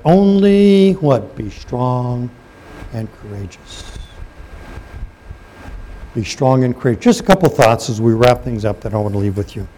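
A man's voice: a little high, slight background noise, low-quality recording. A man preaching a sermon, reading scripture aloud and asking his listeners questions. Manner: reads scripture aloud and comments, asks the congregation questions. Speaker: pastor.

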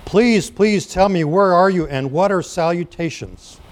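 Guy reading as a jumpy little pig, high and pleading, keeps asking questions. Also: a little slow. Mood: excited pleading. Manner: eager, pleading, breathless questions. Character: excitable young male piglet, anxious.

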